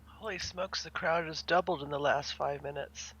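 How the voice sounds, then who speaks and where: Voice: medium pitch, steady tone, normal speed, a bit bright, breathy edge. A co-host on a live online game tour, chatting and welcoming viewers in a playful, upbeat way. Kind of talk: casual chat on a live stream. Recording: dull lo-fi audio.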